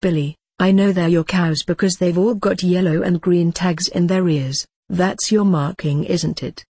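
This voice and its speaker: Narrator doing gruff cranky farmer guy, angry and accusing, husky, dry close sound. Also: medium pitch, steady tone, measured pace, darkish tone, dry recording. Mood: calmer. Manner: blustering, accusing.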